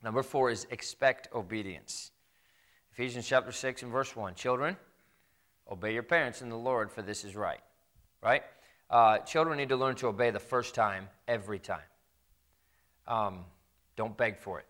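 A man preaching a sermon in a conversational way, acting out parents and children in quick quoted asides. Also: medium pitch, a bit bright. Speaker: pastor.

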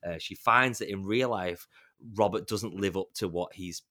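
A man co-hosting a podcast, chatting casually about films and retelling trailers with quick, animated asides. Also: low-pitched, no echo, studio quality. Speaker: podcast co-host. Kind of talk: casual film chat.

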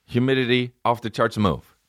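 A man with a very low, deep voice hosts a comedy podcast, rambling from one bit to the next. He swears freely and slips into quick impressions. The sound is dry and close, with no room around it. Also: lively intonation, dry recording. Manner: profane, riffing, jumps between bits and impressions.

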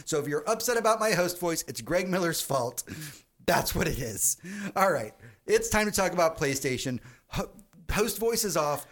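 A man hosting a gaming podcast talks in an excitable, casual way, laughing often and swearing freely. His voice sits a little high. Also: normal speed. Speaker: podcast host.

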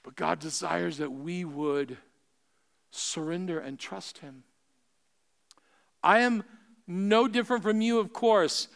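A man preaching a sermon as pastor, building to impassioned peaks and dropping to soft, pleading appeals. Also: sits high, takes it slowly, vocal fry, long pauses. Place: church sanctuary. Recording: long hall reverb.

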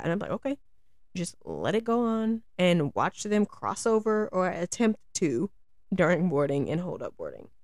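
A woman's voice: medium pitch, no echo, clean studio sound. Chatty, laughing American woman. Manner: animated, laughs often, mimics passengers. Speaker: podcast host, flight attendant. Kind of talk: casual chat, ranting.

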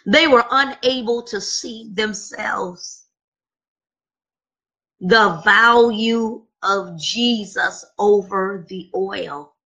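Woman preacher, sermon, husky voice with a sharp edge, emphatic repeated questions. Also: medium pitch, extremely slow.

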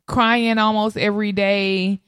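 A woman, casually telling viewers her birth story in an animated way, often calling out to them. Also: mid-range voice, measured pace, clear, resonant tone, no echo, clean studio sound. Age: 30s. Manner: animated, addresses audience as y'all. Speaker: mother sharing birth story.

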